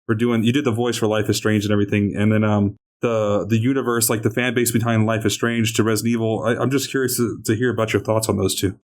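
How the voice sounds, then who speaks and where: A man's voice: on the low side, little pitch movement, quick pace, few pauses. A man hosting a podcast interview, easygoing and curious, laughing often. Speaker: podcast host. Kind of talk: casual interview.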